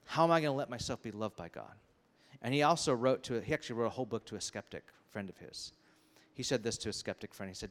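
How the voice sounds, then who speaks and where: A male pastor preaching a sermon, animated and conversational, acting out the people in his stories with quick asides. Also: medium pitch. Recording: long reverb of a large hall.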